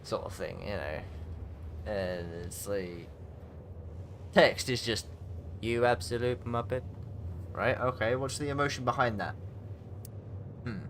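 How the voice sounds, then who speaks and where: A man's voice: mid-range voice, takes it slowly, pauses often, fairly bright tone, a little hiss or hum. A man chatting casually and rambling as he streams a space trading game from home. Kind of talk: casual chat while gaming.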